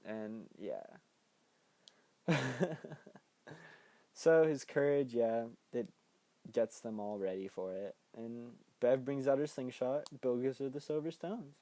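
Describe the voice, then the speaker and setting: Mellow young man recapping a movie. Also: medium pitch, slow, pauses often, no room sound. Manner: playful, laughs often, bursts into excited quoted voices. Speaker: podcast host recapping a film.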